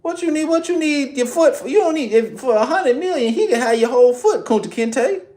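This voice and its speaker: A man putting on the voice of his older mother, brash and profane, scolding him loudly. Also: very high voice, expressive, a little fast, pitched above the performer's own voice. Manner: loud, incredulous scolding.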